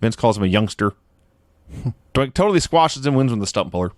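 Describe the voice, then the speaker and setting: A man's voice: mid-range voice, expressive, fairly quick, no room sound. A man co-hosting a podcast, recapping matches in a dry, wry storytelling way and laughing now and then. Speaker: podcast co-host. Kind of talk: casual chat recapping shows.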